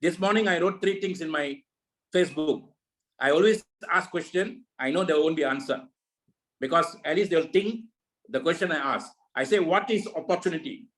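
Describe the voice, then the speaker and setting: Man, high-pitched, motivational talk, preachy, rhetorical questions, video call. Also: normal speed, a bit bright, poor audio. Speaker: network marketing leader.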